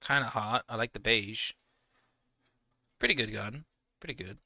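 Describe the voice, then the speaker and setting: Rambling young man with a bright voice. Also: fairly low pitch, moderate pace, gravelly, no echo. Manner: rambling, rants animatedly. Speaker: gaming video creator. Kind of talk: casual gameplay commentary.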